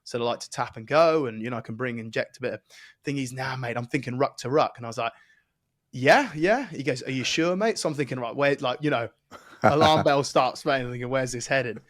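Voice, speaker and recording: A man in his thirties, the guest on a casual podcast, telling animated anecdotes and acting out the people in them. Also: medium pitch, a little fast, dry recording, clean studio sound. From England. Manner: animated anecdote teller, acts out quoted voices. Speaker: guest, former England scrum-half.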